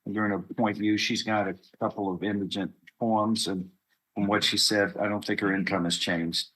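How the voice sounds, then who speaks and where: A man's voice: on the low side, flat delivery, normal speed, a bit bright, husky, low-quality recording. A man with a Texan accent presiding as a judge over a court hearing, stern and lecturing.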